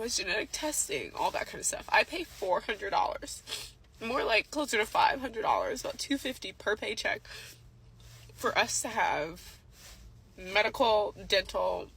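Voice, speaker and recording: Mother complaining in measured tones. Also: mid-range voice, creaky, fairly bright tone, slightly rough, rough recording. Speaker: parent. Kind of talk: casual vlog talk.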